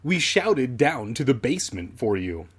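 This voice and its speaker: A man's voice: medium pitch, very animated, unhurried, slightly rough, heavily acted. A man voicing a nervous, frightened young girl in a comedic book reading. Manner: hushed, timid.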